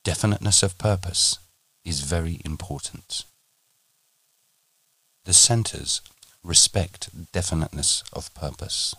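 A man teaching on a podcast, speaking in a measured, deliberate way and slowing down for emphasis. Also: low voice, sharp tone, slightly rough, dry recording. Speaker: meditation teacher.

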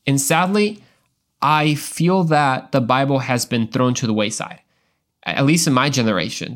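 A man's voice: medium pitch, a bit bright. A young adult man hosting a Christian devotional podcast, talking in an earnest, emphatic way with frequent restarts and repeated words. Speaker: podcast host.

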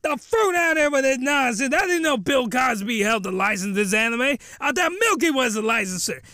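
High-voiced man, jokey rambling anime recapper, dry close sound. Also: animated, a little fast, sharp tone, no room sound. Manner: rambling, incredulous, joking. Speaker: anime reviewer.

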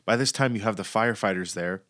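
A man's voice: lowish voice, quick pace, fairly bright tone. A man giving a loose, profane recap of a TV series, acting out the characters' lines as he goes. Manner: loose, profane storytelling with acted-out quotes.

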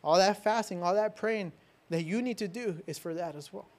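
A man preaching a sermon as a pastor, with emphatic repetition and rhetorical questions, swinging between loud declarations and soft, hushed lines. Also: high voice, normal speed.

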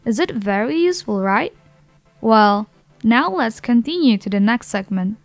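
A woman's voice: on the high side, lively intonation, unhurried, soft background music. Indonesian-accented woman hosting a lesson. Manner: friendly, addresses listeners directly. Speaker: program host. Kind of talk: scripted educational narration.

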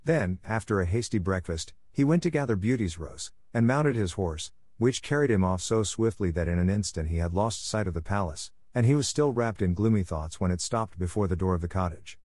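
A male narrator reads a classic fairy tale in a calm, even storytelling manner. His voice sits on the low side, and the recording is dry and close with no room echo. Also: a little fast, few pauses.

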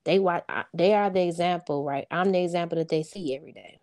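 Heartfelt mom as interview guest, low and mellow, chatty and informal, keeps saying "you know what I'm saying.". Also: female voice, quick pace. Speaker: interview guest, single mother of sons. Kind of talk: casual heartfelt interview chat.

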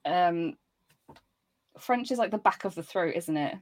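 A woman's voice: fairly low pitch, animated, unhurried. A woman voice actress and streamer chatting casually as an interview guest, playful and self-deprecating, laughing often.

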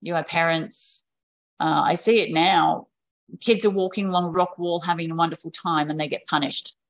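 Animated woman telling candid stories. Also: on the low side, normal speed. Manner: animated, acts out quoted voices of parents and children; frank, swears casually. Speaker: podcast guest. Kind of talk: candid conversational storytelling.

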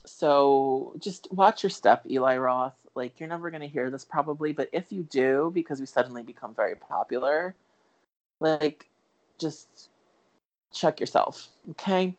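A man talking loosely through a film review on a podcast, circling his points with fillers and false starts. He is candid and swears now and then, in a relaxed, unscripted chat. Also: on the high side, moderate pace. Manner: rambling, full of fillers and restarts. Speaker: podcast co-host.

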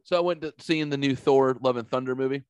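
Guy rambling thru a sweary story on a podcast, average pitch, dead dry mic. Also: steady tone, fast talker, a little mellow, smooth, no echo. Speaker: podcast host. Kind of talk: casual chat.

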